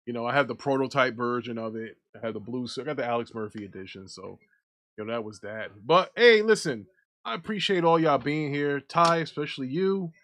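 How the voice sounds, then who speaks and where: A young man hosting a casual live-stream chat show, ranting in a profane, animated way. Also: mid-range voice, fairly quick. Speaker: podcast host.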